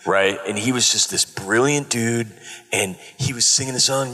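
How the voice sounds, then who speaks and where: A middle-aged man, a former children's TV host, telling animated stories on a convention panel. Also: mid-range voice, moderate pace, soft background music. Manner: animated, laughing storyteller who acts out quotes. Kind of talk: casual panel storytelling. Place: large convention hall. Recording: long reverb of a convention hall.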